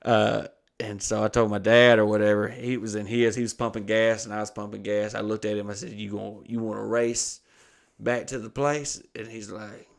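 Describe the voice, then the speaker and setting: A young adult man with a gravelly voice tells a rambling, profane anecdote on a casual podcast. He jumps between narration and quoted dialogue and swears freely. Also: fairly low pitch, little pitch movement, moderate pace. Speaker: podcast host. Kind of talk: casual storytelling chat.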